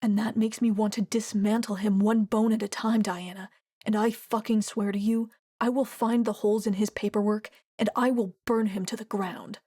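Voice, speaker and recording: A woman's voice: medium pitch, steady tone, moderate pace, mellow, dry recording, natural voice. Protective wealthy young man read by a woman, intense, vowing, audiobook, dry sound. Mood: fierce.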